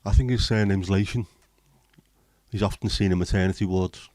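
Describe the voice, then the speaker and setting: A man's voice: low-pitched, fairly even intonation, moderate pace, mellow, dry recording. A man hosting a livestream, rambling and joking as he chats to viewers. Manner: rambling, jokey, chatting to viewers. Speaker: livestream host. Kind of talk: casual livestream chat.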